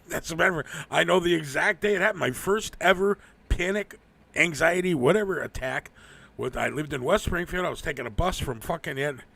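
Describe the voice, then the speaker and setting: A man's voice: a little high, creaky, a bit bright, breathy edge. A man hosting a live stream, rambling through a casual, profane rant and laughing often. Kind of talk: casual ranting monologue.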